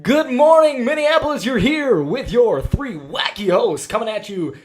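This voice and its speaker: A man voicing a loud, wacky early-morning radio DJ with a booming, hyped announcer delivery. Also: animated, normal speed.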